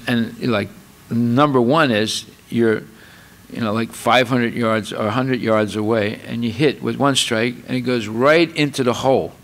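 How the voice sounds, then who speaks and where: A man of middle pitch delivering a spiritual lecture in a loose, conversational way. He circles back with fillers and repeats words. Now and then he acts out a scene with an exclamation. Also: vocal fry, a bit bright. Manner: chatty and explanatory, lots of fillers and repeats. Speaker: speaker giving a scripture class.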